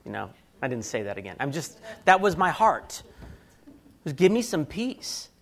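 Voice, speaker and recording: A man's voice: fairly high pitch, big pitch swings, moderate pace, vocal fry. Candid man telling a marriage story. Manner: candid, self-deprecating, acts out quoted thoughts. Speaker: speaker sharing a marriage story. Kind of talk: personal storytelling talk.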